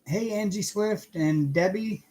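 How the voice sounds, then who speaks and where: Upbeat guy chatting on a home livestream, kinda high voice, says hi to everyone one by one. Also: unhurried, mellow. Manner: cheerful, greets viewers by name one by one. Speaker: livestream host. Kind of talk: casual live chat while crafting.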